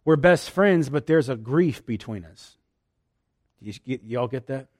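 A man preaching a sermon, emphatic, swinging from loud declarations to hushed asides and acting out quoted lines. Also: medium pitch, animated, unhurried.

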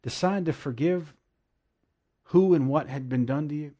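A man preaching a devotional sermon, emphatic and repeating key lines slowly, at times dropping to hushed praise. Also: a little high.

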